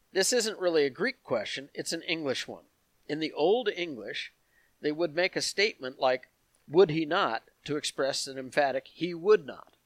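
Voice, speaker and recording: A man's voice: fairly high pitch, a bit bright, no room sound. A man teaching verse by verse from the Bible, reading passages aloud and adding asides to his listeners. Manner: explanatory, reads passages aloud with asides to the congregation.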